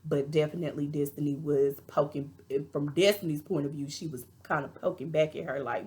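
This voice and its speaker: A woman's voice: low voice, steady tone, a little fast, hardly any pauses, a little mellow. A woman with a Texas accent chatting casually to her viewers, giving her frank opinions on a reality TV episode. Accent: Texan. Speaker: reality TV reviewer. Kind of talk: casual vlog commentary.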